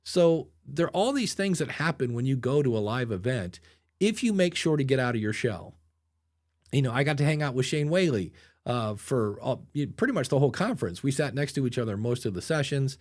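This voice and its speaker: A man hosting a podcast, chatting easily and spinning anecdotes. He slips into little voices for the people in his stories. His pitch sits in an ordinary middle range. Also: expressive, brisk, darkish tone. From Ohio. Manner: chatty storyteller, acts out quoted people. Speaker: podcast host. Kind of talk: casual podcast chat.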